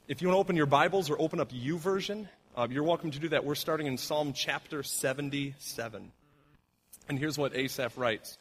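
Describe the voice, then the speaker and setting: A man's voice: brisk, breathy edge. Man preaching in a conversational way. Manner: conversational preaching with fillers, drops soft and low on heavy lines. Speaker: pastor. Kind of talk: sermon.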